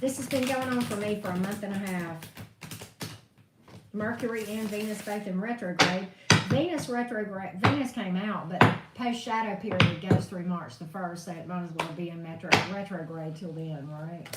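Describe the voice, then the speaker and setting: Reading tarot live, a woman speaks in a mid-range voice at a moderate pace while venting in a blunt, profane manner. The recording sounds echoey, with the mic far off and a little faint noise.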